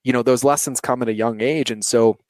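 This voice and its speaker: A man's voice: mid-range voice, fairly even intonation, fairly quick, darkish tone, no room sound. Man, 30s, earnest, reflective, lots of fillers, dry recording. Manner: earnest, frequent fillers like "like" and "you know". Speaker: entrepreneur guest. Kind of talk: reflective personal interview talk.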